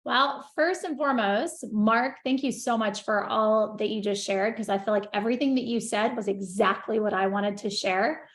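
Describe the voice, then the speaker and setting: A woman's voice: mid-range voice, steady tone, normal speed, few pauses, reverberant. A woman on a group video call, speaking passionately and getting emotional as she praises the others. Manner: gushing, passionate, wells up with emotion. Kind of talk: emotional casual sharing.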